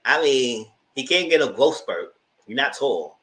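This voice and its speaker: Animated gossipy man recapping TV. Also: measured pace. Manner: animated and gossipy, jumps to shrieking high voice when quoting himself. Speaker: TV review show host. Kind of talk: casual live TV recap commentary.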